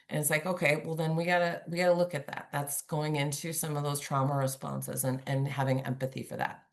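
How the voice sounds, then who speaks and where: Over a remote video call, a woman gives a chatty, humorous webinar presentation, acting out examples as she goes. Her voice is low and level in tone, a little fast, with few pauses.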